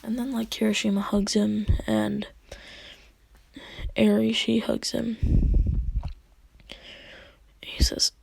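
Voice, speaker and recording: A woman narrates a fan-made story in a casual, rambling way, often dropping to a whisper. Her voice is slow and husky with a gravelly edge. The sound is dry and close. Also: mid-range voice, little pitch movement, a little mellow, no room sound.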